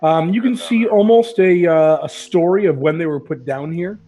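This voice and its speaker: A man's voice: a little high, normal speed, mellow. A man narrating as game master of a tabletop role-playing game, casual with frequent fillers.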